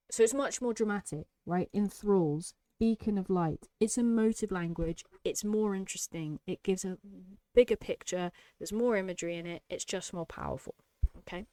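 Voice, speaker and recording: Woman, tutor, emphatic explanations, smooth resonant voice, dry sound. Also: mid-range voice, moderate pace, few pauses, dark tone, dry recording. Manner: emphatic, explanatory, checks in with "okay?". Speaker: English tutor. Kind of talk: exam-prep lesson.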